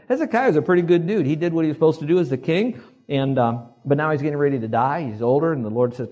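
An older man, a pastor, preaching a lively sermon and acting out the voices he quotes. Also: mid-range voice, a little fast. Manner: animated, acts out quoted voices, asks the congregation to repeat.

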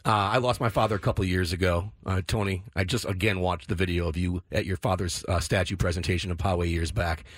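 A man's voice: low-pitched, fairly even intonation, fast, few pauses, no echo. A tired man making an earnest, emotional charity appeal, stammering a little as he talks. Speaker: charity radiothon guest. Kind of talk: call-in appeal.

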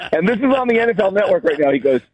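A stand-up comedian, a man from New York, telling lively stories on a talk show and acting out the people in them. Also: high-pitched, lo-fi sound, slight background noise. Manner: lively storyteller, voices the people in his anecdotes. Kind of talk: animated storytelling on a talk show.

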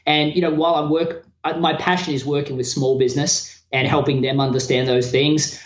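An Australian man in a podcast interview, a business coach explaining his work in an energetic, animated way over a remote connection. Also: on the high side, a little fast. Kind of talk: casual interview talk. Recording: echoey, dull remote line.

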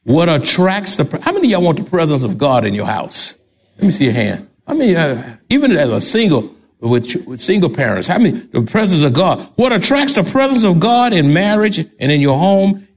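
A man's voice: fairly high pitch, sing-song, fairly quick. An older man with a Texan accent, a pastor preaching a sermon emphatically and repeating key phrases.

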